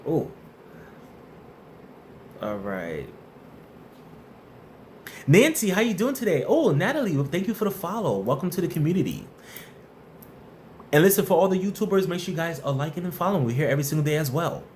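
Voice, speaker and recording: A man hosting a live stream, chatting casually, giving viewers shout-outs and blunt, tough-love workplace advice. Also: on the high side, sing-song, normal speed, pauses often, a little hiss or hum.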